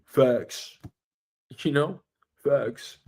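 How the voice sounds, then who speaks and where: A man's voice: mid-range voice, extremely slow, vocal fry. A middle-aged man with a New York accent hosting a casual comedic monologue, acting out the people he quotes. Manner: animated storytelling, acts out quoted voices. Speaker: host.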